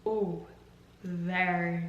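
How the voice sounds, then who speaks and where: A woman's voice: fairly low pitch, steady tone, drawn-out words, far from the mic, dull audio, slight background noise. Chatty young woman in a roomy room. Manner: chatty, joking, drifts into tangents. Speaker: YouTuber. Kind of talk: casual coffee tasting vlog.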